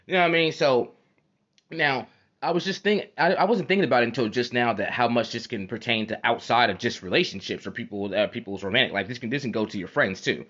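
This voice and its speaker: A man's voice: medium pitch, quick pace, fairly bright tone. Man ranting profanely on a lo-fi podcast. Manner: profane, heated, repeats phrases. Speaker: podcast host. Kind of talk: casual monologue rant. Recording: dull lo-fi recording.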